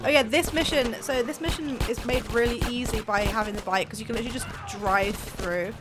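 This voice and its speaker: Fast-talking Brummie woman. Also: a little high, over music. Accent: Birmingham (Brummie), softened. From English Midlands, near Birmingham. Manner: fast-talking, mumbles, laughs often. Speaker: speedrun co-commentator. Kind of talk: casual chat over gameplay.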